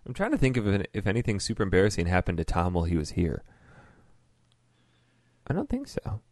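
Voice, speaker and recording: Laid-back male podcast host, lowish, lively voice, dry sound. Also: brisk, no room sound. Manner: laid-back, laughs often. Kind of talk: casual chat and storytelling.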